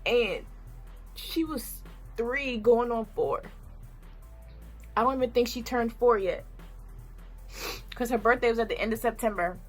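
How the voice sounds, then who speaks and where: A woman's voice: a little high, measured pace, pauses often, faint music behind. A woman vlogger in her thirties telling a candid, heartfelt personal story, tearful at times. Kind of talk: emotional personal story time.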